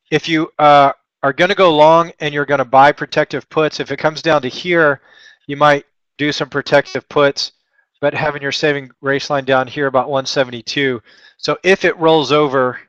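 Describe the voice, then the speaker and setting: A man from Texas runs a live trading lesson, talking through his ideas in a loose, chatty way. His voice sits a bit high for a man and is full of jokes at his own expense. The sound is dry and close. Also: fairly even intonation, normal speed, a bit bright, clear, resonant tone, no room sound, muffled recording. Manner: chatty, joking and self-deprecating, rambling asides. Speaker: trading webinar host.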